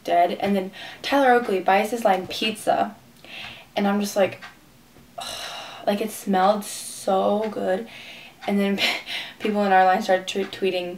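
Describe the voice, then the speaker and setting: A woman's voice: mid-range voice, fairly even intonation, measured pace, long pauses, darkish tone. A teenage girl telling a rambling, gushing story for her vlog, full of "like" fillers. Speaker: vlogger. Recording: distant mic with faint room noise.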